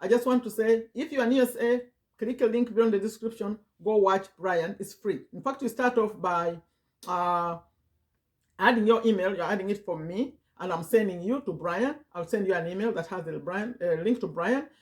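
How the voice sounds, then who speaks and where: A woman in her fifties speaks to her viewers from home in a motivational vlog. She repeats her points and presses them home in a coaxing way. Her voice sits in an ordinary middle pitch. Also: moderate pace. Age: 50s. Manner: repetitive, emphatic, coaxing. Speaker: affiliate marketing vlogger. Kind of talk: motivational direct-to-camera talk.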